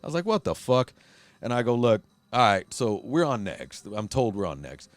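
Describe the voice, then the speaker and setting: Man, podcast host, low voice, dry close sound, swearing, acts out quotes. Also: a little fast, no echo. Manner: profane, animated storyteller acting out quotes. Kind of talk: casual storytelling chat.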